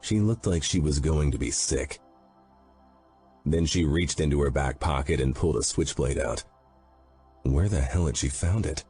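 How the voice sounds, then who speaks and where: Man, audiobook narrator, grim brooding delivery, very deep voice, husky. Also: normal speed, pauses often, dark tone. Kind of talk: scripted first-person audiobook narration. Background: faint background music.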